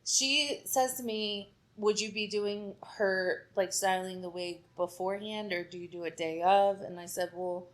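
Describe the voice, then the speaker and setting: A female hairstylist, appearing as a podcast guest, chats through a story, acting out what people said and saying "like" a lot. Her mid-range voice is steady in tone and a little slow, with hardly any pauses.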